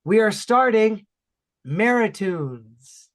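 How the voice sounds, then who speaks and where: A man from Ontario with an Ontario Canadian accent, a regular on the podcast, chatting casually in energetic, emphatic bursts. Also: high-pitched, takes it slowly.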